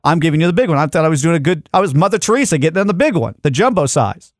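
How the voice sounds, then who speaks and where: Fast-talking man telling a story. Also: fairly high pitch, dry recording, clean studio sound. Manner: animated storyteller acting out quotes. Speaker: radio show host. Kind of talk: casual studio banter, storytelling. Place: radio studio. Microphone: studio mic.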